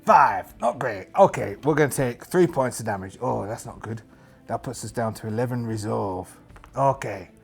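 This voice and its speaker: A man's voice: mid-range voice, lively intonation, normal speed, creaky, husky, soft background music. A man narrating a solo tabletop game with chatty, self-mocking asides.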